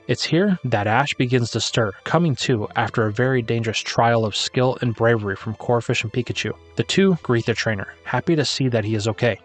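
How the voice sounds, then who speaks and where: A man narrating a scripted adventure story, lifting his voice for the suspense beats. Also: mid-range voice.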